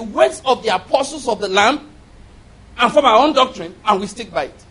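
Animated and high-pitched, a man preaches a sermon at a moderate pace, his fairly bright tone carrying a breathy edge. He repeats key phrases and fires call-and-response questions at the congregation, emphatic throughout.

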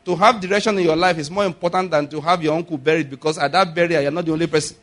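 A male preacher with a Nigerian accent delivers a sermon very fast, in a slightly raised and somewhat high voice. He's animated, laughs often and keeps checking in with the congregation through rhetorical questions.

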